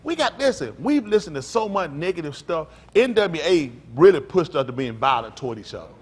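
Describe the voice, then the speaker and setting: A pastor preaches in an emphatic way, his high voice swinging widely. He drops low and quiet, then builds up to loud outbursts. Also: very animated, fairly quick, breathy edge. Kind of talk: animated preaching talk.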